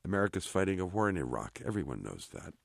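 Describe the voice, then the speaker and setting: A man's voice: low-pitched, very animated, quick pace, vocal fry, husky, no room sound, studio quality, heavily acted. A man reading aloud, voicing a baffled young soldier who keeps pressing with questions. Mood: bewildered. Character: bewildered young male soldier, anxious.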